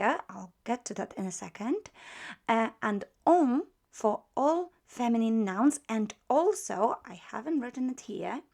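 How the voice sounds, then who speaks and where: Woman teacher going slow through a grammar lesson, patient, says each word over and over. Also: fairly high pitch, a little mellow. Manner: slow, patient, repeats words to drill them. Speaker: language teacher.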